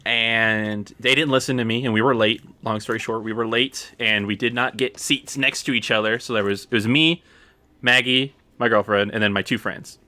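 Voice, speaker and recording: A man's voice: mid-range voice, steady tone, normal speed, sharp tone. A young man hosting a gaming chat, rambling through an anecdote with fillers and laughs. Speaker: gaming channel host. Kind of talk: casual chat while playing a game.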